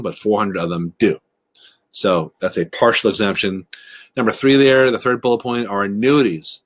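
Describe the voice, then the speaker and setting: A man presenting a recorded webinar, talking quickly and explaining things briskly. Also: lowish voice, a bit bright. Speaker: webinar presenter on college financial aid.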